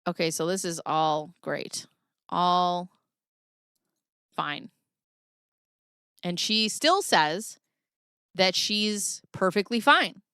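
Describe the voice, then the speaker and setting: A woman's voice: lowish voice, very slow, pauses often, sharp tone, smooth, no echo, studio quality. A woman hosting a casual commentary show, reading documents aloud and adding sarcastic remarks. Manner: sarcastic, reads texts aloud with wry asides. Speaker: commentary channel host.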